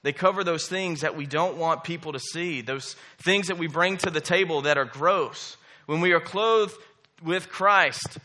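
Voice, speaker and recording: Male preacher in his thirties, bright forceful voice a touch high, emphatic sermon delivery, repeats his key points. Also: unhurried. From Southern US. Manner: emphatic, repeats key phrases and checks in with "okay?" and "right?".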